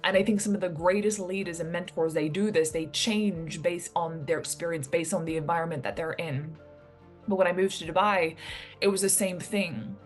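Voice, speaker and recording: Earnest New woman a lowish voice. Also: normal speed, faint music behind. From New Zealand. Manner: earnest, animated when quoting others. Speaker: mentor and entrepreneur. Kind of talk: reflective personal story to camera.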